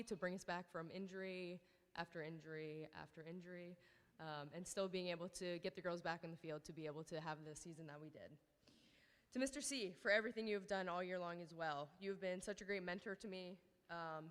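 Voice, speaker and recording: A woman in her thirties, a girls' team coach, giving an emotional awards ceremony speech with nervous ums and many thanks. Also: on the low side. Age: 30s. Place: large hall at a school ceremony. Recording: hall reverb from a PA speech.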